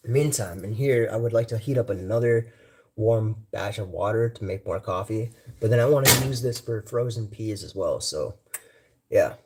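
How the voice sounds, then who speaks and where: A man's voice: fairly low pitch, dark tone, slight background noise. A man hosting a casual cooking livestream from his home kitchen, rambling and thinking aloud as he goes. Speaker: livestream host.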